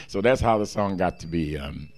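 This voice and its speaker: Animated older man telling a story. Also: sits low. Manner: animated, acting out other voices in his story. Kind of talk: storytelling on radio.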